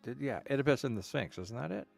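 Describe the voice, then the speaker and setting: A man's voice: mid-range voice, lively intonation, fast talker, vocal fry, a little mellow, soft background music. Rambling male streamer retelling myths. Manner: frequent restarts and stammered repeats. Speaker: gaming streamer. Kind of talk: rambling casual storytelling.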